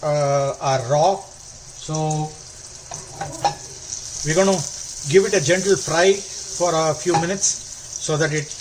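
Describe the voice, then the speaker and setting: A man hosting a cooking demonstration, explaining each step calmly and stretching words for emphasis. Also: on the high side, a little hiss or hum. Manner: calm, step-by-step instructional. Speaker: cooking channel host.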